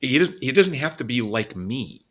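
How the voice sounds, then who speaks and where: A man's voice: medium pitch, sing-song, normal speed. A man co-hosting a podcast, reflecting earnestly in casual conversation and sharing his own experiences. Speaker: podcast co-host.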